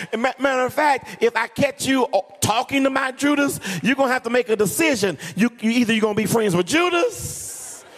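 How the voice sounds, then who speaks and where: A man preaching a sermon in an animated, humorous, sing-song way. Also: extremely high pitch, moderate pace. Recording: long hall reverb.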